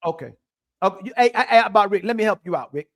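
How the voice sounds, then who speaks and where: A man's voice: high-pitched, expressive, fast talker. A man hosting a live debate show, insistently repeating his questions and pressing a guest who talks over him. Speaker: host.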